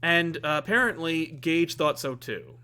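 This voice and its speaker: A man's voice: fairly high pitch, a little slow, sharp tone, smooth. A man co-hosting a comic review podcast, talking casually in a rambling way with lots of fillers and restarts. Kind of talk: casual chat.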